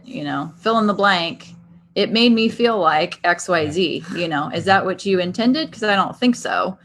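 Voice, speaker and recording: Lower-voiced woman chatting on a podcast, earnest, acts out quotes. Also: animated, moderate pace, a bit bright. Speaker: podcast guest. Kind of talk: casual chat.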